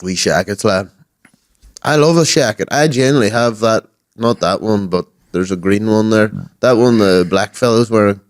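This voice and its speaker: A man's voice: on the low side, moderate pace, no room sound, studio quality. A man co-hosting a podcast, teasing his friend and pushing his opinions with enthusiasm. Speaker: podcast co-host. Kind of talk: casual banter with a friend.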